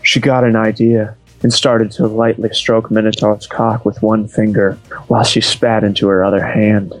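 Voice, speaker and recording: A man's voice: lowish voice, little pitch movement, normal speed, no room sound, faint music behind, low-quality recording. A man doing a comedic dramatic reading of a story, mock-serious in tone. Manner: mock-dramatic, reads with put-on character voices. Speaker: reader.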